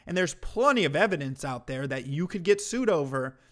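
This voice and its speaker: Dude with a slightly high voice ranting on stream, swearing a lot, sarcastic and heated. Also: male voice, animated, a little fast, fairly bright tone. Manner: heated, profane, mocking. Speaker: streamer commentator. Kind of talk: ranting commentary to a live chat.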